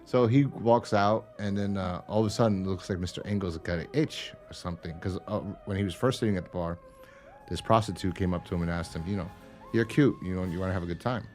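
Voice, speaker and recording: A man's voice: low voice, fast, a little mellow, soft background music. A man co-hosting a casual podcast, recapping a TV episode in a rambling, profane way and acting out lines in raised voices. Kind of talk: casual chat.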